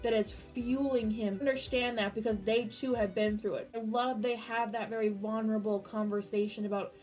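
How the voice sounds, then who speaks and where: Gushing high-voiced woman reviewer. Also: moderate pace, far from the mic, faint music behind. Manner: gushing, excitable, swears freely, bursts into near-screaming. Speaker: movie reviewer. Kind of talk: excited spoiler review.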